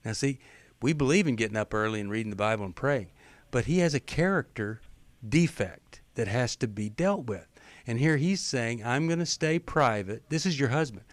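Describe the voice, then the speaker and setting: A man's voice: mid-range voice, expressive, moderate pace, no room sound. Direct male radio advice host. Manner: direct, coaching, quotes others in acted lines. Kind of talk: call-in advice talk. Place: radio studio.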